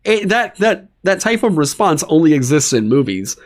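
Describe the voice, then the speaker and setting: Animated, swearing man ranting on stream. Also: on the high side, normal speed. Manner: animated, profane ranting with exasperated asides. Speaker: streamer hosting a dungeon design stream. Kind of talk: casual livestream chat.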